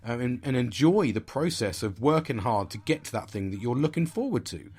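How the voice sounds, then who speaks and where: A man's voice: medium pitch, darkish tone, husky. A middle-aged man, talking in a blunt, sweary, rambling but earnest way in a casual motivational monologue as a podcast host.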